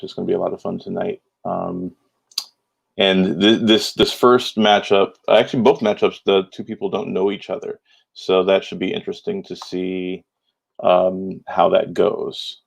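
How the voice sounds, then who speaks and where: A man's voice: sits low, vocal fry, slightly rough. A man hosting a casual livestream trivia game, chatty and upbeat with announcer-style hype and many fillers, over muffled lo-fi audio. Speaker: trivia game show host.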